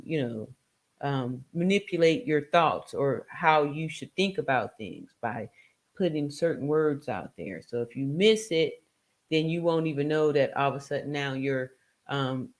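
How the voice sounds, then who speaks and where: Middle-aged woman, lower voice, casual talk-show commentator, chatty with frequent laughs. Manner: chatty, laughs often, lots of rhetorical "right?". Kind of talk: casual monologue.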